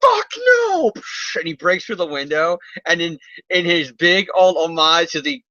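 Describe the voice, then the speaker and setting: A man's voice: a little high, fairly even intonation, moderate pace, sharp tone, no echo, highs cut off. A man doing a shrieking hero in breakdown. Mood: enraged. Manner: shrieking, frantic. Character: young male hero in screaming breakdown.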